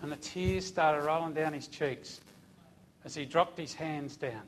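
A high-pitched male preacher recounting a story from his police days. He tells it vividly, his voice swelling loud and then dropping soft as the emotion runs through it. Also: unhurried, a little hiss or hum. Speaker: preacher, former police officer. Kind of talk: emotional sermon testimony.

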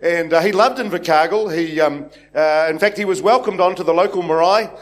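A man's voice: a little high, brisk. A man from New Zealand with a New Zealand accent, preaching a sermon to a congregation in a rambling, anecdotal way full of fillers and restarts. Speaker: pastor. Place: church hall with congregation.

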